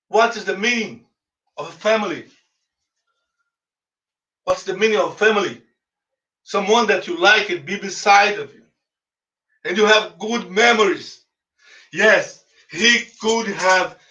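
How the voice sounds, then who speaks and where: Here a native Portuguese speaker with a Brazilian accent delivers a dramatic English-language story, emphatic and repetitive, treating his audience as friends. The voice is high, pushed, and bright, captured in echoey, distant, dull lo-fi sound.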